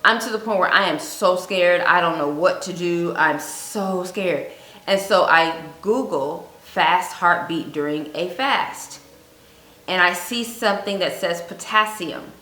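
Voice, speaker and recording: A woman giving earnest fasting advice on her vlog, telling a personal story and repeating points for emphasis. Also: fairly low pitch, pushed and bright. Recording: echoey room with faint music.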